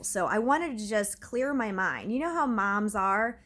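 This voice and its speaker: A woman's voice: on the high side, lively intonation, moderate pace, few pauses, fairly bright tone. A mother in her thirties tells a story at home in a loose, rambling way. She fills her talk with fillers and restarts. She acts out her own reactions and what others said, with plenty of drama in her retelling. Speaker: vlogger. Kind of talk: casual storytelling.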